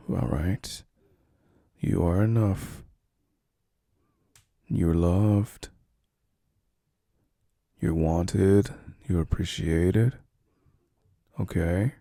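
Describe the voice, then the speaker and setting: A man speaking softly and soothingly as a caring boyfriend in a whispered role-play. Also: sits low, creaky, breathy edge, no room sound, studio quality. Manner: soft, slow, soothing reassurance.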